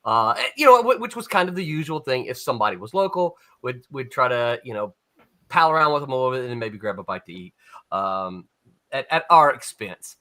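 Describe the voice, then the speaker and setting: A man's voice: mid-range voice, very animated, brisk, bright, forceful tone. A man, a former comics editor, telling a rambling anecdote in a casual panel chat, with frequent restarts and chuckles. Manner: rambling storyteller, chuckles often, many restarts.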